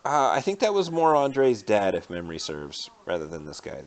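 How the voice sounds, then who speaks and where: A man running a tabletop game as game master, explaining rules and narrating scenes in a relaxed, rambling way. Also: lowish voice, moderate pace, gravelly.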